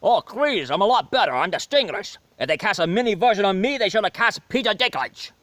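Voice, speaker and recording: A man's voice: high voice, lively intonation, fairly quick, a bit bright, no room sound, voice pushed up. A man putting on a boastful, touchy impression of a suave male spy for a comedic sketch. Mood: haughty. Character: cocky suave male spy in a Sean Connery Bond impression.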